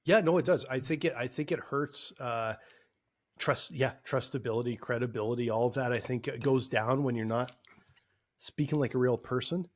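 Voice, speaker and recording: A man's voice: mid-range voice, moderate pace. A man co-hosting a casual podcast, easygoing and a bit rambling, often repeating words. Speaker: podcast co-host.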